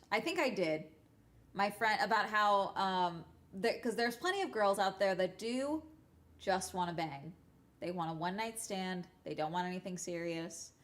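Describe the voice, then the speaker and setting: A young woman talks to her stream in casual chat. She is blunt and swears freely. She tells her stories in an animated way, stopping often to check in with her listeners. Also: medium pitch, moderate pace. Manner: blunt and profane, animated storytelling.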